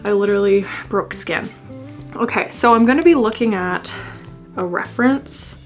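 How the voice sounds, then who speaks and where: Soft music plays under a mid-range female voice at normal speed. She's a beauty vlogger in her twenties, chatting casually while trying out makeup, poking fun at herself, swearing freely, and breaking into mock-dramatic wails.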